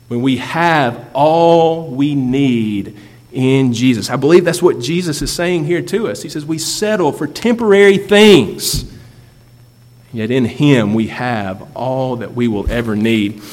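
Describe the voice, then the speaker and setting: A man's voice: medium pitch, darkish tone. A man preaching a sermon as a pastor, emphatic, repeating key phrases for effect. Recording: long hall reverb.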